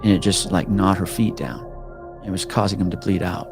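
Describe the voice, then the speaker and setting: A man telling a true story on a podcast in casual talk, acting out the people in it and dropping into hushed tones. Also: low voice, moderate pace, over music. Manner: animated, acts out quoted people, drops to hushed tones.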